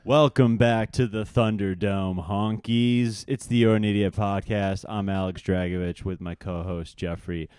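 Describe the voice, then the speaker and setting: A young man hosts a comedy podcast in a relaxed, teasing tone. His voice sits fairly low and sounds smooth and clear. It is recorded close and dry. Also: measured pace, few pauses, dry recording, soft background music. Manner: laid-back, teasing, laughs easily. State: recovering from sickness. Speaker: podcast host. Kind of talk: casual comedic chat. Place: indoors in a rental home.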